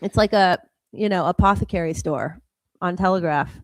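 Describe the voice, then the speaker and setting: A woman co-hosting a casual comedy chat show, teasing and quick to laugh. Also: lowish voice, no room sound. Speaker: podcast co-host.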